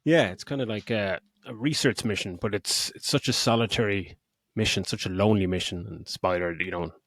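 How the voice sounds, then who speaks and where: A man's voice: lowish voice, a little fast, fairly bright tone, no echo, studio quality. A middle-aged man co-hosting a podcast, rambling through a film chat, swearing freely and laughing at his own jokes. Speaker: podcast co-host. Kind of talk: casual film review chat.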